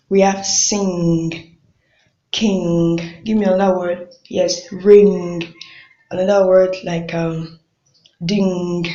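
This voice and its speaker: A woman teaching a phonics lesson, patiently repeating each sound and checking in with a questioning "hmm?". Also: medium pitch. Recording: echoey room, dull lo-fi sound.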